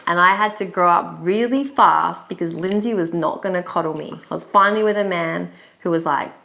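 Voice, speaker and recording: A woman's voice: fairly low pitch, brisk, gravelly, bright, forceful tone. A young adult woman co-hosting a relationship podcast, talking openly and from the heart, often laughing. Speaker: podcast co-host, relationship coach. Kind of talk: casual podcast conversation.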